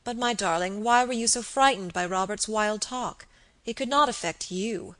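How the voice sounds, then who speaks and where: A woman's voice: medium pitch, normal speed, fairly bright tone, pitched above the performer's own voice, lightly acted. A woman reading the part of a fond, anxious elderly baronet, with earnest, affectionate pleading. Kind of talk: audiobook character reading.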